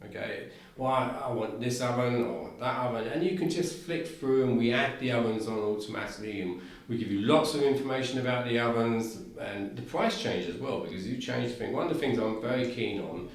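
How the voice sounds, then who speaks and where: A man's voice: medium pitch, brisk, few pauses. A man with a South London accent, talking enthusiastically as a podcast guest and often restarting his sentences. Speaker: guest, cooker company representative. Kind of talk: casual podcast conversation. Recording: very echoey room.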